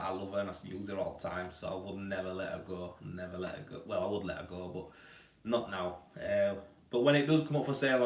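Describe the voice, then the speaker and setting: A chatty man answers trade questions on a casual live stream, speaking in a lowish, matey voice. He sits a little back from the mic, and the room adds a roomy echo. The delivery stays loose and blokey throughout. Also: distant mic. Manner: chatty, blokey, calls viewers mate. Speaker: plasterer hosting a live Q&A. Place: indoors at home.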